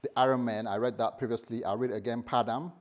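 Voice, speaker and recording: A man's voice: mid-range voice, steady tone, quick pace, a little mellow. Jokey conversational male pastor. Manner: conversational, jokey, laughs at himself. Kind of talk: sermon.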